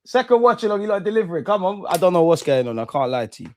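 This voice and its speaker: A young man's high voice races along as he hosts a live football watch-along. He uses slang, stays animated, and erupts in bursts of excitement.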